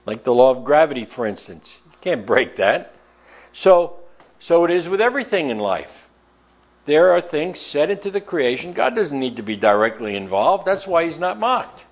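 A man's voice: a little high, big pitch swings, moderate pace. A man preaching a sermon in a folksy, emphatic way, telling stories and reading scripture, in a lo-fi recording.

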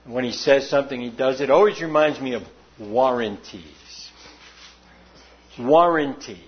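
A man preaches a relaxed, conversational sermon, breaking into animated high-pitched emphasis. His voice is slightly husky and middle-pitched. The recording sounds muffled and lo-fi. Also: unhurried. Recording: dull lo-fi recording.

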